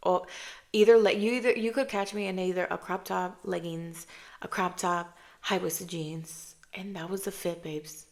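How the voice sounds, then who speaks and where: In her thirties, this woman hosts a casual podcast chat in a lowish, gravelly voice at normal speed. She tells animated stories full of filler, calls the listener babe and girl, and sometimes drops into a hushed voice for quotes.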